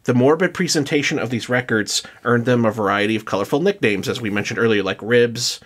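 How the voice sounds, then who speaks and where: A man's voice: mid-range voice, brisk, fairly bright tone. Give me a casual, joking male podcast co-host who reads his notes in a loose, rambling way. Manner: jokey, loose, many fillers and restarts. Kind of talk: casual chat, reading notes.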